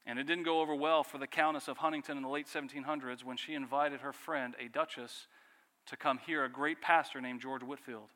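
A man with a bright, forceful voice preaches a sermon. He presses the listeners with rhetorical questions and lets key phrases fall quiet. A long reverb hangs behind him, as in a large hall. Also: mid-range voice, fairly even intonation, a little fast. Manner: earnest preaching with rhetorical questions and dramatic drops in volume. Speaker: pastor.

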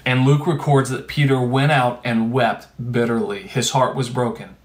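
A man's voice: mid-range voice, steady tone, moderate pace. A man preaching a sermon in a conversational, emphatic way, with rhetorical asides to his listeners.

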